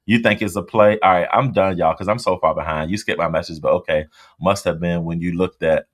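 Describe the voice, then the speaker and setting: A man hosting a casual livestream, chatting bluntly and reacting out loud to the comments as he reads them. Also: low-pitched, steady tone, brisk. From US East Coast. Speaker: livestream host. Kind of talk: casual livestream chat reading viewer comments.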